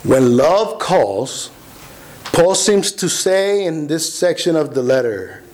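A man's voice: a little high, big pitch swings, slow pace, a little mellow, rough recording. A man preaching a sermon, earnest and emphatic, often restarting his words. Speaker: pastor.

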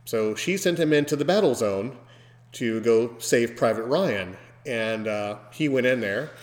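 A man hosting a podcast, telling a story casually and breaking into loud, animated mimicry of screams. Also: mid-range voice, measured pace. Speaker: podcast host. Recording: long hall reverb.

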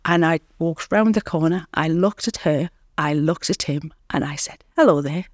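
A woman guest in an interview, telling her recovery story in an earnest, reflective way with pauses. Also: deep voice, no echo, clean studio sound. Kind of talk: candid interview talk.

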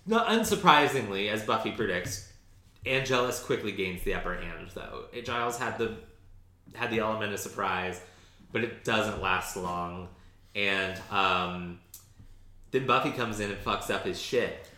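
Rambling low-voiced man hosting a podcast. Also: expressive, a little slow, sharp tone. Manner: chatty, rambling, with many fillers. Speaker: podcast host recapping an episode. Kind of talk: casual chat. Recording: echoey room.

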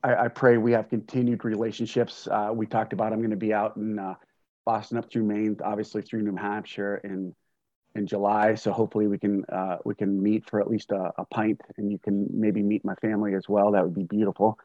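A man, a grandfather, hosting a casual interview, speaking earnestly and haltingly with many fillers and restarts. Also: fairly low pitch, little pitch movement, dark tone, no room sound. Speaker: podcast host. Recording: dull, dry lo-fi sound.

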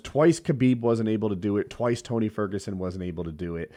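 A man's voice: on the low side, brisk, warm tone. A man co-hosting a casual sports talk show, rambling with restarts and filler words. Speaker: podcast co-host.

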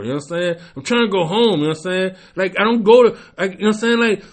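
A man with a fairly high voice tells a story in loose, casual chat. He rambles and swears freely, filling gaps with constant "you know what I'm saying". When the story heats up, he gets loud and animated. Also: fast talker, few pauses.

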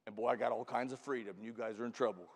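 A man preaching a camp meeting sermon as pastor. He stretches and shouts key lines to the church, then drops into quick, quiet storytelling. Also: medium pitch, fairly even intonation, big-room sound. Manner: preaches with loud drawn-out emphasis, calls out to the church.

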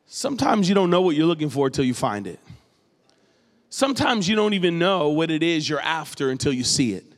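A man from New England preaching a sermon as the pastor, animated and joking as he tells stories. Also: a little high, fairly quick. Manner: animated, jokey storytelling preacher. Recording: long reverb in a large hall.

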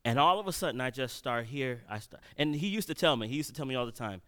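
A man preaching a sermon, telling a personal story and swinging between loud and hushed delivery. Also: medium pitch, lively intonation, fast, hardly any pauses, smooth.

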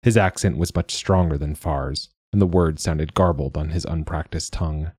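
A man giving measured, wry, reflective first-person audiobook narration. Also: extremely low pitch, a little mellow, slightly rough, dry recording.

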